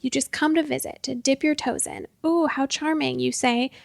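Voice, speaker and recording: A woman voicing a fiery, pointy-eared magical young woman who scolds and yells with a sharp tongue. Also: high voice, steady tone, moderate pace, vocal fry, no echo, clean studio sound. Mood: heated.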